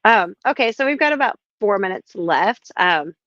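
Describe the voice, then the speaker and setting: A woman hosting a podcast interview, chatty and quick to laugh. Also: medium pitch, expressive, fairly bright tone, highs cut off. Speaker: podcast host. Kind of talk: casual interview chat.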